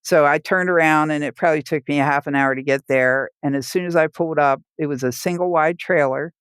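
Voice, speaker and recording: A woman recounting her hospice nursing stories for a podcast, vivid and expressive, often laughing through the telling. Her voice is recorded close and dry, with no room sound around it. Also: low voice, brisk, clean tone, no room sound. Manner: vivid storyteller who laughs while telling and acts out the people she quotes. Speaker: hospice nurse. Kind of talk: personal storytelling in a podcast interview.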